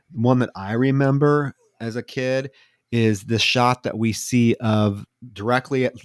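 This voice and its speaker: This film podcast co-host has a lowish voice, recorded dry with clean studio sound. Chatting casually, he recaps the plot in an animated way, shouting the characters' lines loudly as he acts them out.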